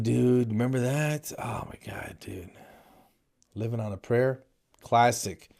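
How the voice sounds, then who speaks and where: A man in his forties, from New Jersey, hosting a podcast in a jokey comedic monologue that he peppers with "man" and "dude". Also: on the low side. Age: 40s. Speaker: podcast host.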